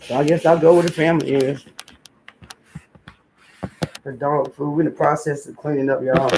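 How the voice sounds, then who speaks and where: A woman's voice: sits low, fairly even intonation, moderate pace, background noise. A woman chatting casually to her viewers from home on a hot day. She rambles from one thing to the next and keeps calling the audience y'all. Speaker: vlogger.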